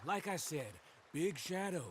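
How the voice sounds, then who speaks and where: An actor playing a sly, smug outlaw villain in a video game. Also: male voice, high-pitched, measured pace, a little hiss or hum.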